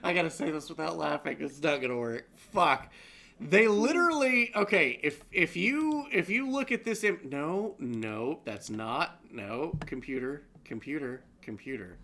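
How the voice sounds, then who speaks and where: Stream co-host, man. Bright tone, lively and unhurried, jokey and rambling delivery. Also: fairly high pitch, creaky, a little hiss or hum. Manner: joking, rambling, laughs often. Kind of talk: comedic news roundup on a live stream.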